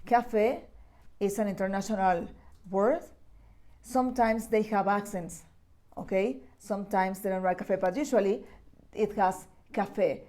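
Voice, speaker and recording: In this recorded lesson for children, a primary school teacher explains English grammar with a warm, mid-range voice at a measured pace. She speaks patiently, repeating key words and frequently checking understanding.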